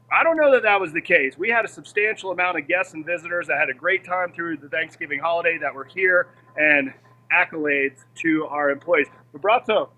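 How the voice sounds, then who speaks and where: An upbeat man gives a casual morning report on roads and weather while out around town. His voice is bright and a little high, with quick asides. A faint outdoor hum sits behind him. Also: poor audio. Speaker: host, roving reporter.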